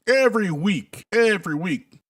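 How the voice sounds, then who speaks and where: A political commentator with a high, light voice streams commentary straight to his viewers in a relaxed, conversational flow, sounding far from the mic. He's heavily sarcastic, stretching out mock surprise and mocking what he reads aloud. His pace alternates between quick asides and slow, pointed jabs.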